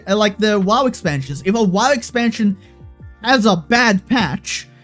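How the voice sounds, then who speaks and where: A young man streamer ranting casually to his chat, heated and profane, with lots of fillers and restarts. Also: high-pitched.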